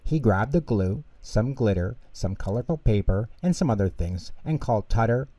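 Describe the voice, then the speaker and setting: A man reading a children's bedtime story aloud as storyteller, calm and lilting. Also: fairly low pitch, moderate pace, no room sound.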